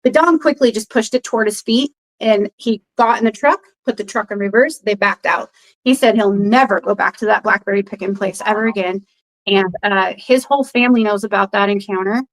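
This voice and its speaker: A woman's voice: medium pitch, brisk, low-quality recording. A woman guest telling a story in casual chat, rambling with many fillers and acting out other people's quoted lines. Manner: animated retelling, acts out others' quoted lines. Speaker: podcast guest.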